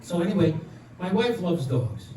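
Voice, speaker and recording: A man's voice: high-pitched, very animated, normal speed, warm tone, slight background noise. Older man telling jokes in an echoey room. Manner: chatty, punchline-driven, laughs at his own jokes. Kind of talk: stand-up joke telling. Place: community room at a senior residence. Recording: echoey room, mic at a distance.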